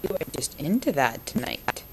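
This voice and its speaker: A woman's voice: low voice, sing-song, moderate pace, background noise. A young mother filming her baby at home, coaxing him in sing-song baby talk. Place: home, indoors. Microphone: handheld camera.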